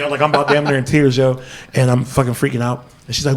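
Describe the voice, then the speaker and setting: Gravelly man telling a wild story. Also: mid-range voice, brisk. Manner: profane, animated storyteller, says "yo" constantly. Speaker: podcast host. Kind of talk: casual storytelling chat.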